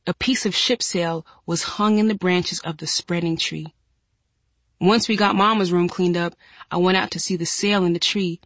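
A woman's voice: fairly low pitch, steady tone, normal speed, no room sound. Woman reading a first-person audiobook. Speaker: audiobook narrator.

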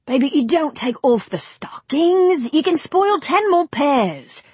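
A woman voicing a brash, pushy male film director with a Cockney accent and a forceful, overly compelling voice. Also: sits high, very animated, unhurried, no echo, voice pushed up. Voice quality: forceful, a little too compelling.

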